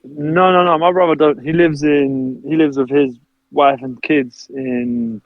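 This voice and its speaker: A man's voice: a little high, fairly even intonation, measured pace, dry recording, narrow, tinny audio. A man, a basketball player, chatting casually as a podcast guest, laughing often and acting out what his family says. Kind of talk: casual interview chat.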